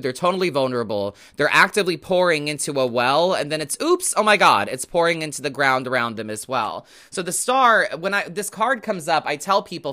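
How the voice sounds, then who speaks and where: A man with a somewhat high, very bright voice talks viewers through a tarot reading. He rambles in a loose, chatty way and lets the odd curse slip. His tone is casual and conversational. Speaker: host and tarot reader.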